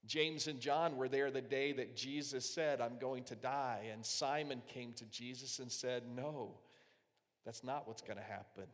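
A man preaching a sermon as pastor, earnest and emphatic, dropping to a hushed voice when he quotes prayers. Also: medium pitch, measured pace, in a large hall.

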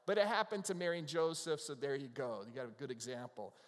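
A middle-aged pastor with a medium-pitched voice speaks quickly in a casual, conversational sermon. He often acts out the voices of scriptural figures, and the church hall's long reverb fills the recording.

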